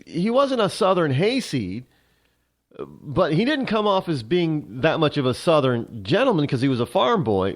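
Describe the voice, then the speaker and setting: Rambling man with a lively voice. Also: a little high. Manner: rambling, halting with many restarts. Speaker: talk show host. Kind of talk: political commentary monologue.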